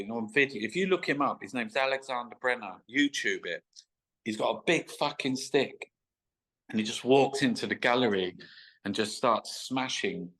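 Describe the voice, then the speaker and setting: Sweary man, low voice. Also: fairly bright tone, rough recording. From England. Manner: rambling, sweary, stop-start anecdotes. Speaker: guest artist. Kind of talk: casual storytelling interview.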